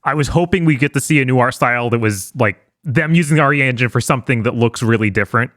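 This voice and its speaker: A man co-hosting a casual gaming podcast, talking in a measured, thoughtful way. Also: mid-range voice, fairly bright tone, dry recording, studio quality. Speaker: podcast co-host.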